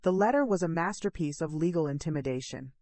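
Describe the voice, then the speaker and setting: Middle-aged woman storyteller, earnest first-person drama, low and dry. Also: animated, fast talker, a little mellow, no echo.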